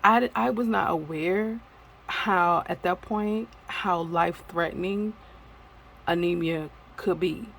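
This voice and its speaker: A woman's voice: lowish voice, slow, vocal fry, fairly bright tone, a little hiss or hum, low-quality recording. A woman telling a personal story in a casual vlog, candid and rambling, with many fillers. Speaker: vlogger.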